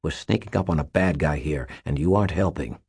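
A man's voice: low-pitched, big pitch swings, normal speed, husky, full character voice. A man voicing a small, clever, exasperated man who speaks up sharply. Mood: hushed.

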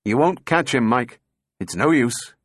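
A man's voice: mid-range voice, lively intonation, unhurried, no echo, clean studio sound. A man voicing a tense, impatient engineer. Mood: urgent. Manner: urgent, clipped, exasperated. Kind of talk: audiobook character voice.

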